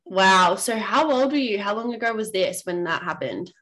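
A woman's voice: medium pitch, animated, normal speed, a bit bright. A woman hosting a casual interview, who reflects on and affirms what her guest says. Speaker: podcast host.

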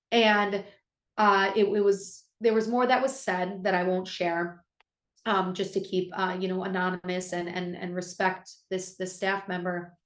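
A woman's voice: mid-range voice, steady tone, measured pace. Earnest young woman in a roomy space. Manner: earnest, heartfelt, with frequent restarts. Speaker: abuse prevention educator and co-host. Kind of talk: conversational podcast storytelling. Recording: roomy echo.

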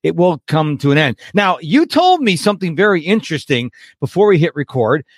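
A man's voice: a little high, sing-song, brisk, breathy edge, no echo, studio quality. A man hosting a podcast, talking emphatically in a casual interview. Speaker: podcast host.

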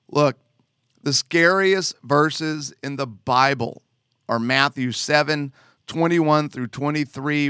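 A man preaching a sermon in an animated way, joking and putting on voices. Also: medium pitch, no room sound, clean studio sound. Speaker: pastor.

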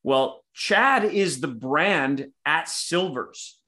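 A man's voice: fairly high pitch, expressive, extremely slow, bright, forceful tone. A man co-hosting a sales podcast, talking emphatically in a coaching way and addressing his listeners directly. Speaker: podcast co-host, sales mentor. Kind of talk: podcast conversation.

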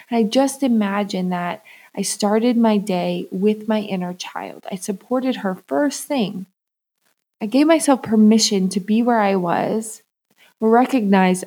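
A soft-spoken young woman speaks in a calm, unhurried monologue, her voice dark and mellow. She sounds like a podcast host gently walking listeners through a personal practice, keeping an even, reflective pace. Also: medium pitch. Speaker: podcast host, self-love coach.

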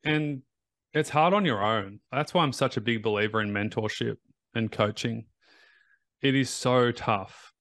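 A man's voice: medium pitch, unhurried, fairly bright tone, no echo. A man hosting a podcast as a recovery coach, talking in an emphatic, motivational way and repeating his key phrases.

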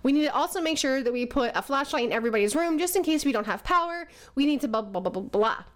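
A woman's voice: high-pitched, animated, quick pace. A woman voicing an orderly, fussy man who nags in an exasperated way. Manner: nagging and exasperated.

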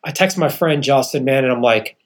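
A man's voice: mid-range voice, a little fast. A man in his thirties, a podcast guest, telling an earnest personal testimony and acting out the people in his story. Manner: earnest storyteller, acts out quoted people, calls the host "man". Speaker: guest, real estate founder.

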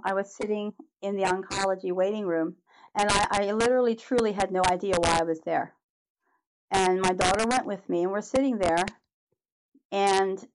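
A woman's voice: medium pitch, slight background noise, rough recording. Earnest middle-aged woman telling her story. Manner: earnest, candid, restarts often. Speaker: guest. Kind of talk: personal storytelling in a podcast interview.

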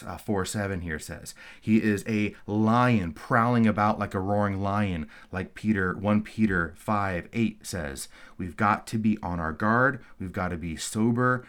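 A man giving a recorded theology course lecture, earnest and explanatory, reading verses aloud and then commenting on them, with frequent fillers and restarts. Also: fairly low pitch.

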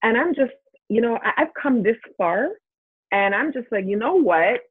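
A woman's voice: on the high side, expressive, normal speed, breathy edge. A middle-aged woman, a podcast guest, talking in a straightforward, emphatic way and laughing readily. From Canada. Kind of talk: casual interview talk. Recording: tinny phone line.

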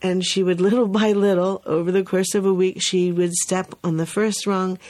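A woman hosting a podcast in relaxed conversation. She tells an anecdote with animated swings in tone, laughs often and acts out what people said. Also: lowish voice, moderate pace. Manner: lively storyteller, acts out quotes, laughs often. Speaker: podcast host. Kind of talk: casual chat.

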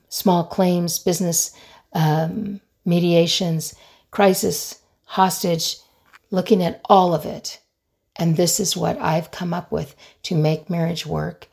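Gravelly, husky woman podcast host. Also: on the low side, darkish tone. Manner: earnest and emphatic, with dramatic pauses and listed phrases. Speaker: podcast host and conflict resolution expert. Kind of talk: solo podcast talk.

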